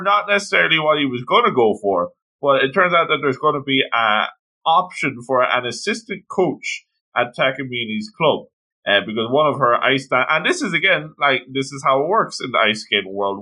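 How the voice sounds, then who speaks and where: A man chats casually about an anime as an eager fan, full of exclamations. His voice is bright and forceful, at a middle pitch. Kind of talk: casual chat discussing an anime.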